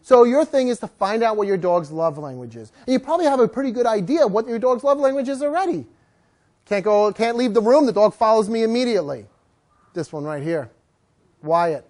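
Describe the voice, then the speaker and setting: A woman's voice: a little high, lively intonation, brisk, a little mellow. A woman dog trainer teaching a live class, telling stories, acting out dogs and owners, and coaxing the group to repeat words after her.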